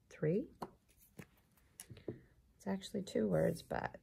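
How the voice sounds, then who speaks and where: Slow, gravelly-voiced woman teacher. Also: mid-range voice, background noise. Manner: slow, gentle, encouraging teacher talk. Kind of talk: children's lesson, clapping syllables.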